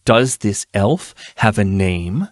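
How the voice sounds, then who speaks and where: A man voicing a stern young female agent who talks slowly, tersely and coldly in a fantasy audiobook. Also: medium pitch, expressive, darkish tone, no echo, clean studio sound, pitched above the performer's own voice. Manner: slow, terse, cold.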